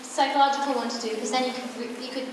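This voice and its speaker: A woman's voice: sits high, fairly even intonation, fast talker. A young woman answering fan questions on a convention panel, musing and rambling with lots of fillers. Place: large convention hall. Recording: echoey hall from far off, noisy.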